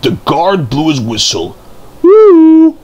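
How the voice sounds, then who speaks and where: A man reading a children's storybook aloud in an expressive storytelling manner. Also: medium pitch, measured pace, husky, dull audio.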